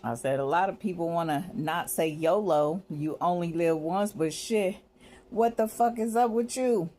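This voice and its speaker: A woman's voice: lowish voice, a little slow, dark tone, a little hiss or hum. A woman talks through a loose, rambling vlog. She swears freely, laughs between thoughts and keeps acting out what she and others said. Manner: profane, laughing, quoting herself in asides. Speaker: vlogger. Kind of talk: casual rambling monologue.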